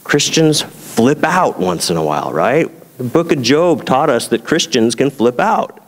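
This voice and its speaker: A man's voice: mid-range voice, very animated, unhurried, long reverb tail. A man preaching as a pastor, talking in a conversational way and asking his congregation rhetorical questions. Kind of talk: sermon.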